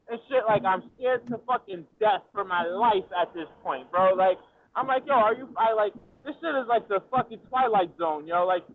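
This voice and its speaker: A very high-voiced man spins a profane, excitable story in slangy street talk. The sound is thin and tinny, like it is coming down a phone line. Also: moderate pace. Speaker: storyteller guest. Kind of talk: casual chat, animated storytelling.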